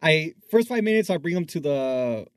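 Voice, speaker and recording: A man's voice: on the high side, lively intonation, moderate pace, dry recording, clean studio sound. A man co-hosting a podcast, telling awkward stories about himself with lots of laughs and self-deprecating jokes. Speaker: podcast co-host. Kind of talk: casual chat.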